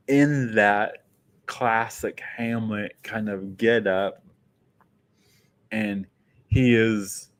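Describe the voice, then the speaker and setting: A man giving a casual film review monologue, rambling and often restarting his sentences. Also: fairly low pitch.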